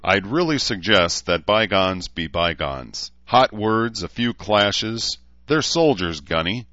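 Wordy, placating cavalry officer, read by a man; low register, slightly lo-fi. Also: expressive, takes it slowly, bright, forceful tone, no room sound, full character voice. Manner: wordy, conciliatory. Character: smooth male cavalry officer, placating and diplomatic.

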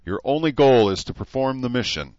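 A man's voice: medium pitch, animated, brisk, a little mellow, dry recording, voice pushed up, lightly acted. A man voicing a tough older male gunnery sergeant who lectures recruits in a formal, commanding way, on a dull, dry recording.

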